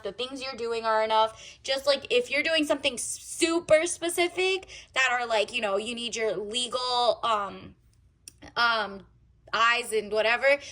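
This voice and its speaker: Woman tarot reader, bright, forceful voice pitched a bit high, loose rambling chat. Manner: chatty, rambling, full of "like" fillers. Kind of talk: casual tarot reading monologue.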